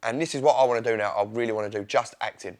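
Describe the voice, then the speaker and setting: A young man with an Essex accent, an interview guest who chats in a rambling, excitable way and laughs often. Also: mid-range voice, racing. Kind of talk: casual interview chat.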